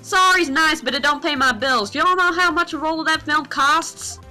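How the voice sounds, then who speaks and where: A woman's voice: high-pitched, normal speed, sharp tone, faint music behind, pitched above the performer's own voice. A woman doing a brash Southern drawl gal. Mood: scolding. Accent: Southern US drawl, put on. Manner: blustering, folksy, scolding. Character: loud brash Southern woman photographer, pushy. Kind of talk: fan voice-over of a game.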